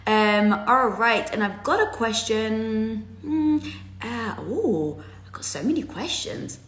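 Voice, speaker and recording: A woman's voice: on the high side, takes it slowly. Candid motivational woman in an echoey room. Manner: candid, animated, frequent fillers, swears casually. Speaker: host of a live social media video. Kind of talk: casual motivational talk. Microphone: headset or phone mic.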